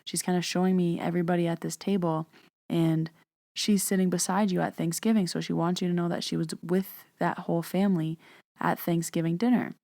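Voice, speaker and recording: A woman's voice: lowish voice, steady tone, fairly quick, dark tone, no echo, studio quality. A young woman casually telling a personal story in a chatty way, full of "like" fillers. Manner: chatty retelling, many "like" fillers. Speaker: podcast host and medium.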